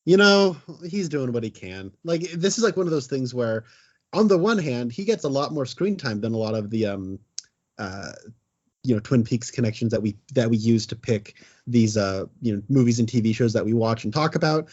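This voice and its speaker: A man's voice: mid-range voice, lively intonation, moderate pace, darkish tone. Man, podcast co-host, casual rambling chat, hesitant, dull lo-fi sound. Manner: rambling, hesitant, many fillers.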